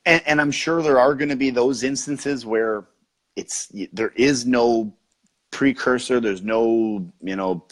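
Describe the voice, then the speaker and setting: A man's voice: medium pitch, slow. A man hosting a podcast interview, supportive and responding with brief affirmations. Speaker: podcast host.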